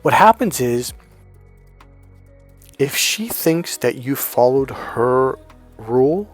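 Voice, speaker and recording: A middle-aged man talks at an ordinary mid pitch, blunt and emphatic, spiking his dating advice with curses and quick anecdotes. Soft music sits faintly behind him. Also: animated. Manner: profane, emphatic, storytelling. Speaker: dating coach.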